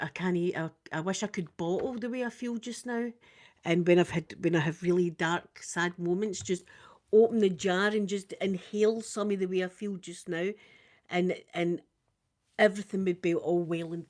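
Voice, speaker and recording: Chatty Scottish woman in her fifties. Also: a little mellow. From Scotland. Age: 50s. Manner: chatty and rambling, with big jumps up and down in pitch. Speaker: live-stream host. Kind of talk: casual live-stream chat with viewers.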